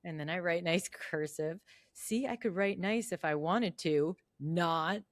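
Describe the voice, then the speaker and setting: Low-voiced woman telling a funny story. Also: measured pace, no echo, studio quality. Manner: laughing, chatty storytelling. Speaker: podcast co-host. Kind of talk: casual chat, reading old diary entries.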